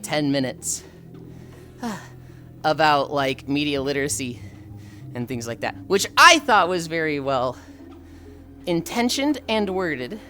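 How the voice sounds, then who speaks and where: Rambling streamer woman with lively pitch. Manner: rambling, thinking aloud, frequent sighs. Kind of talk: casual live-stream chat, reading chat aloud. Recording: faint music behind.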